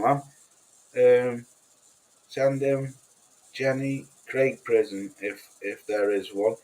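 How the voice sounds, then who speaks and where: This Cheshire-accented man has a mellow, medium-pitched voice with a steady tone, speaking slowly and pausing often, though the audio is poor. As a livestream host, he casually chats through viewer comments, rambling, swearing bluntly and restarting a lot.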